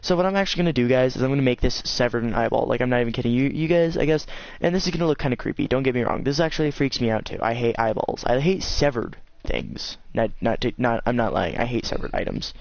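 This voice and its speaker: A man's voice: medium pitch, quick pace, vocal fry, hardly any pauses, dry recording, lo-fi sound. A man chatting casually while building in a game on his stream, joking and insisting he isn't kidding. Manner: joking, insistent, keeps swearing he is not kidding. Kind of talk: casual chat over gameplay.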